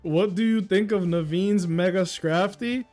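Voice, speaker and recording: A man with a high, slightly mellow voice talks a little slowly over faint background music. He's streaming a game with friends in casual let's-play commentary, joking, swearing plenty, and riffing on the game's dialogue.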